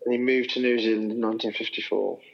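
A man co-hosting a casual film review chat, chatty and quick to agree. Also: fairly low pitch, steady tone, gravelly, lo-fi sound. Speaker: podcast co-host.

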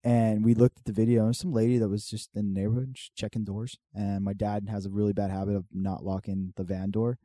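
A man's voice: lowish voice, fairly quick, few pauses, no room sound, studio quality. A man in casual chat, telling neighborhood stories with lots of swearing and acted-out quotes. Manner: profane, animated storyteller acting out quoted voices.

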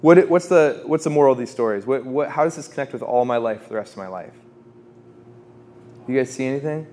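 A man's voice: mid-range voice, brisk. Chatty man telling a faith story. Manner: chatty, animated storytelling with laughs and restarts. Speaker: speaker at a formation talk. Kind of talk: personal story in a faith talk.

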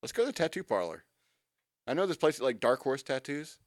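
A man's voice: medium pitch, sing-song, brisk, no room sound. Wry man reading news on radio. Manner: reads news items aloud with wry asides. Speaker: radio show host. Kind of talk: casual talk radio banter.

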